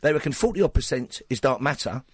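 A man's voice: mid-range voice, animated, fast talker, breathy edge, dry recording. A man chatting on radio as a fellow presenter, enthusiastic with a dry wit. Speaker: radio presenter of the next show. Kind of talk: casual radio chat. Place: radio studio. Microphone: studio microphone.

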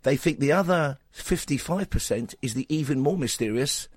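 A man's voice: medium pitch, lively intonation, normal speed, husky, dry recording. A man chatting on radio as a fellow presenter, enthusiastic with a dry wit. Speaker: radio presenter of the next show. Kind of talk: casual radio chat. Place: radio studio. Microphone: studio microphone.

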